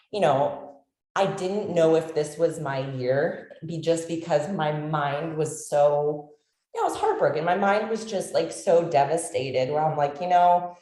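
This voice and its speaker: Woman, low voice, halting speech, fillers and restarts, choked up, echoey room. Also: a little mellow. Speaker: interview guest, bodybuilder. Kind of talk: emotional personal story.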